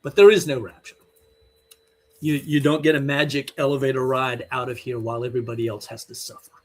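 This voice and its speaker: A man's voice: medium pitch, fairly even intonation, brisk. A man giving an online teaching sermon, emphatic, blunt and scolding as he presses his point. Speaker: Bible teacher.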